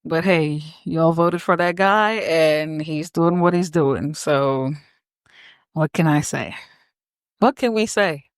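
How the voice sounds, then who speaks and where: A young woman hosts a casual podcast, chatty and bossy with her co-host. Her voice sits a little low and sounds smooth and clean, recorded close with a dry sound. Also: slow pace, no room sound. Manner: bossy, teasing, chatty with fillers.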